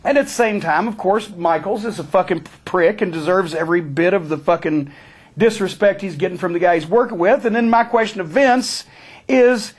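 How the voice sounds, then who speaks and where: A man being interviewed who tells a story bluntly, with heavy swearing and animated retelling. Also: sits high. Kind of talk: profane storytelling.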